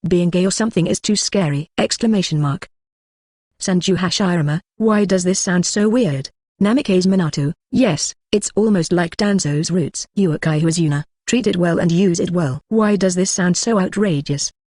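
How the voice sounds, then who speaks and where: A text-to-speech audiobook narrator reading a web novel, speaking punctuation marks like "exclamation mark" aloud in an even delivery. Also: medium pitch, moderate pace, dry recording, studio quality.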